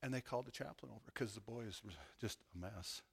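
A middle-aged man, a police chaplain, preaching an emotional testimony that swells to loud, fervent peaks. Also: mid-range voice, fast talker, gravelly, slightly rough. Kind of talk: sermon testimony.

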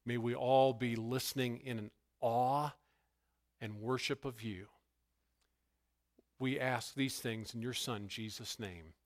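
A man preaching as pastor, who prays softly and then tells stories with animated, emphatic bursts. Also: slow, pauses often. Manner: animated storytelling, rising to loud emphatic bursts; hushed, low prayerful delivery. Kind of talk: sermon with opening prayer.

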